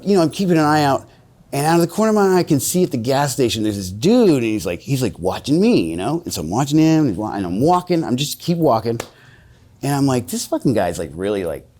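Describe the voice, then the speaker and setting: Animated, profane man telling a story. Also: fairly low pitch. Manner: profane, rambling, acts out quoted voices. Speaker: interviewee. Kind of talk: casual storytelling.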